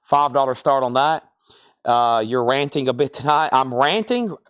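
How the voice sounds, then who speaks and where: A man's voice: mid-range voice, normal speed, fairly bright tone, smooth, no echo, studio quality. A man hosting a live-stream record sale, reading out albums and prices in a chatty, rambling sales patter. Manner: chatty, reads prices, rambles between items.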